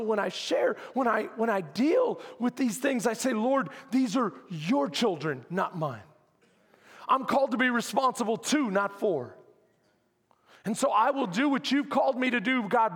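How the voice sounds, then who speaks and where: A pastor with a very high, gravelly voice preaches a sermon, jumping into the voices of the people he quotes and shouting at the high points. His words ring out with a long echo through a church hall. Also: a little slow. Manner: animated preaching, acts out quoted complainers in a raised, shouting voice.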